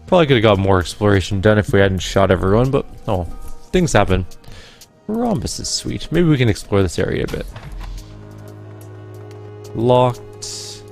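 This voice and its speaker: A man's voice: lowish voice, animated, moderate pace, long pauses, a little mellow, soft background music. A man hosting a let's play, making wry, offhand remarks as he plays. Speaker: gaming channel host.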